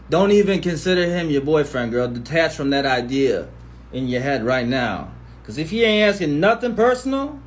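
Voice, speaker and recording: Slangy, animated man on a livestream. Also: on the high side. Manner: animated, profane, slangy banter, reads comments aloud. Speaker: livestream host answering viewer comments. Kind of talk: casual livestream chat. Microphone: phone.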